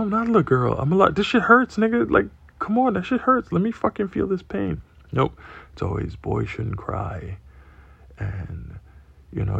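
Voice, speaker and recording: A man's voice: fairly low pitch, gravelly, slightly rough, no echo. A middle-aged man giving a candid, profane, confessional personal monologue. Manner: raw, profane, confessional storytelling. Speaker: podcast host.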